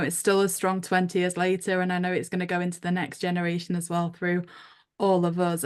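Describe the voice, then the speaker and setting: Low-voiced young woman interviewer. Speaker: interview host. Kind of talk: casual interview questions.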